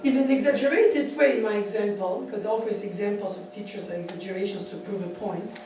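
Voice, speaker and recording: A man giving a piano masterclass, animated and laughing as he counts beats aloud. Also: high voice, quick pace. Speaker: piano teacher. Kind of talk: masterclass instruction. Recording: echoey hall from far off, piano. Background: piano playing.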